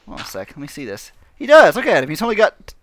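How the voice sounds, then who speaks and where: A man's voice: on the high side, big pitch swings, racing, a bit bright, no room sound. A man giving casual, rambling gameplay commentary, mocking himself and laughing often. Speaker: gaming channel host.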